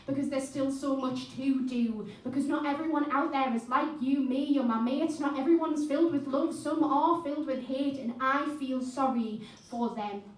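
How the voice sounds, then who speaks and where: High-voiced woman performing spoken word poetry. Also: moderate pace, few pauses. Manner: impassioned, rhythmic delivery with chatty asides. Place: live music venue stage. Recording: echoey room, mic at a distance.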